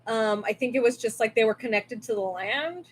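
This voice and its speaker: A woman's voice: fairly high pitch, normal speed, breathy edge. A young woman from California chatting casually and rambling with lots of fillers while hosting a crafting livestream from home on a desk mic. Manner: rambling and chatty, with many fillers and self-asides. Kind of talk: casual live-stream chat. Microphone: desk mic with webcam.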